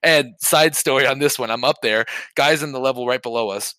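Profane, animated man telling stories. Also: mid-range voice, fairly quick, dry recording. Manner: profane, animated, shouts when reenacting. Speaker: podcast co-host. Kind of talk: casual storytelling chat.

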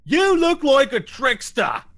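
A man voicing a giant, slow-witted male cyclops who speaks in a loud, high, drawn-out voice. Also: huge pitch swings, exaggerated voice. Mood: accusing. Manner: booming, slow, suspicious.

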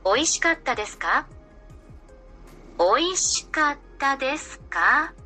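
A woman reading practice sentences as a language app voice, slow and clearly enunciated. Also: high-pitched, sing-song, bright, forceful tone, faint music behind, exaggerated voice.

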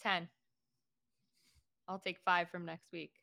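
A woman's voice: lowish voice, flat delivery, slow, vocal fry, pushed and bright. A woman in casual podcast chat, teasing and cheering the others on.

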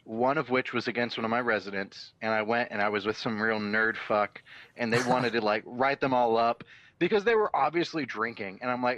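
A man chatting casually on a podcast, telling profane, animated stories. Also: medium pitch, fairly quick, dry recording, lo-fi sound. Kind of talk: casual chat.

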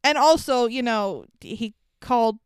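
A chatty woman gives her frank opinions on a film in relaxed podcast talk and laughs often. Her voice is very smooth and clear, a little high, and sits dry and close to the mic. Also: measured pace, dry recording. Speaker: podcast co-host. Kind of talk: casual movie recap chat.

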